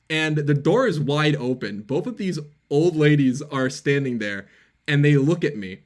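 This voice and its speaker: A man's voice: fairly high pitch, animated, measured pace. A young man telling a casual story with an avatar, rambling and full of fillers, poking fun at himself. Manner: rambling, filler-heavy, self-mocking. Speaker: avatar vlogger.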